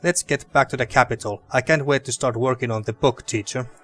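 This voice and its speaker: A man's voice: medium pitch, fairly quick, a bit bright, faint music behind, lightly acted. A man voicing a hurt, bitter young woman who was once a student, reading game dialogue aloud with slight emphasis.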